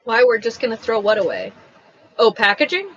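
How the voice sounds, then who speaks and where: A woman's voice: fairly high pitch, huge pitch swings, brisk, slightly rough, highs cut off. A woman who owns a craft shop, chatting casually on a livestream while she packs orders, rambling and blunt.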